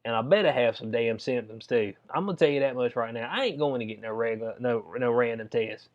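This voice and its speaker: A man's voice: medium pitch, quick pace. Slangy joking man, dull lo-fi audio. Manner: slangy, joking, reads news aloud and riffs on it. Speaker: commentator. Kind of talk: casual news commentary.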